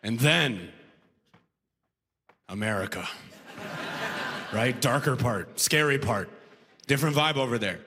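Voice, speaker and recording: A man's voice: medium pitch, lively intonation, slow pace, pauses often, pushed and bright. A man performing a stand-up comedy set on a club stage, talking to the crowd in a conversational, punchy way and laughing at his own jokes. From Canada. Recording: faint noise, long hall reverb.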